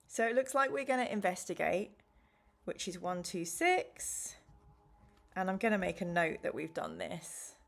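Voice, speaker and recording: A woman's voice: on the low side, very animated, measured pace, gravelly. A woman hosting a live-streamed gamebook play-through, chatting with viewers and reading the choices aloud. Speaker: streamer and host.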